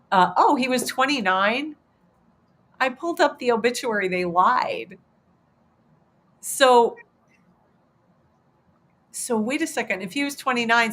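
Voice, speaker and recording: A woman's voice: mid-range voice, fairly bright tone. A woman in her fifties hosting a casual livestream chat, talking in an emotional, rambling way with many restarts and fillers. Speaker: host.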